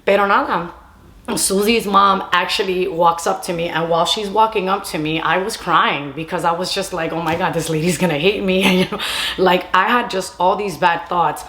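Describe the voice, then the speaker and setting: A young woman tells a storytime to camera, chatty and loose, slipping Spanish phrases into her English. Her voice sits a little low for a woman. The room around her gives a noticeable echo. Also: moderate pace, a bit bright. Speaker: storytime vlogger. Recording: roomy echo.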